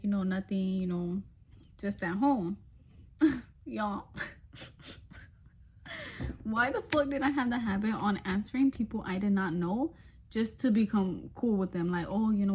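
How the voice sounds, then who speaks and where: A young woman tells a story to her viewers in a loose, chatty vlog monologue. Her voice sits at a middle pitch for a woman. She swears freely and breaks into laughter between lines. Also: a little mellow, husky. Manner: addresses viewers directly as y'all. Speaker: vlogger.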